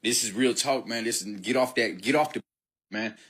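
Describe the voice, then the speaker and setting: A man putting on the voice of a tough, indignant streetwise man, slow and emphatic. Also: mid-range voice, fairly bright tone, husky.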